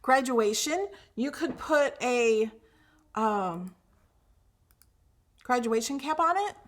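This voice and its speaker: A young woman with a fairly high voice hosts a craft livestream. She chats casually with her viewers and gushes over her work, restarting sentences and filling pauses with "um". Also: animated. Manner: chatty and gushing, with fillers and restarts.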